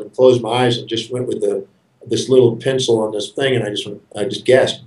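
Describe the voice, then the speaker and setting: A man's voice: mid-range voice, fairly even intonation, brisk, darkish tone. Earnest man storyteller in a roomy space. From United States. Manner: earnest, repeats words when starting sentences. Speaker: interview guest. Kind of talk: storytelling interview. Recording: roomy sound from a distance.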